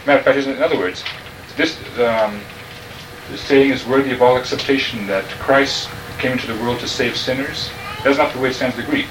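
A man's voice: mid-range voice, brisk. A man teaching a class on New Testament Greek, patiently explaining each word and checking that the students follow. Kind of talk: classroom lecture. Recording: distant mic, noisy room.

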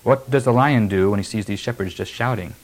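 A man's voice: lowish voice, fairly quick, low-quality recording. A man preaching a sermon, reading verses and then explaining them emphatically. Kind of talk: sermon expounding scripture.

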